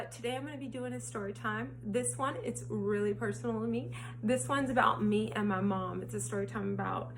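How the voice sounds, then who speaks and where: A young woman vlogger telling a personal storytime in a casual, animated way that rises to indignation. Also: mid-range voice, background noise. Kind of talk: storytime vlog. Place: home, frogs heard outside.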